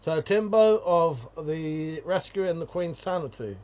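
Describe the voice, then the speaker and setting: A man's voice: on the high side, expressive, unhurried, darkish tone, highs cut off. A British man hosting a casual livestream, reading viewer comments aloud and ranting with lots of swearing and laughter. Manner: profane, ranting, laughs often.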